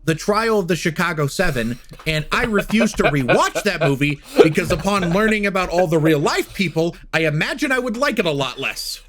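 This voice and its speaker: A man co-hosting a film podcast, talking in an opinionated, animated way with some swearing. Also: high voice, brisk, few pauses, a crowd in the background. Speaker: podcast co-host. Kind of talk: casual film discussion.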